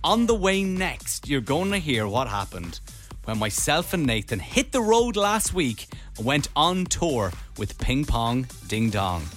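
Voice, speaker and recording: Brief: male Dublin radio host, very expressive pitch, chatty rambler, light music bed. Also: unhurried. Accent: Dublin Irish. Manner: rambling animated storyteller. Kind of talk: casual radio chat.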